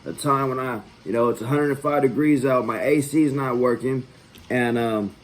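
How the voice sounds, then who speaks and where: A man's voice: medium pitch, steady tone, moderate pace, poor audio. A man hosting his own channel, telling a personal story in a loose, profane, conversational way. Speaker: vlog host. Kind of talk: casual storytelling.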